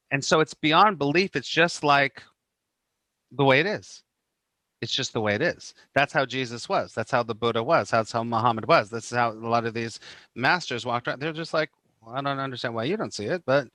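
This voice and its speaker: A middle-aged man, a spiritual teacher, telling stories in an animated, casual way and acting out the people he quotes, with many "you know"s. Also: medium pitch, no room sound. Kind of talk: casual podcast conversation.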